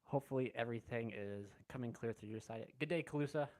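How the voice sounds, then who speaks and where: A man hosting a casual live stream, greeting chat viewers by name and rambling in a relaxed way from a room at home. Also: mid-range voice, fast. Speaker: livestream host. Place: room at home with window open.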